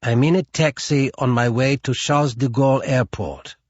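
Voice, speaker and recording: A man voicing a cruel German female assassin in an audiobook, slow, purring and menacing. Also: mid-range voice, no echo, dull audio, natural voice. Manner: slow, menacing, sweetly threatening.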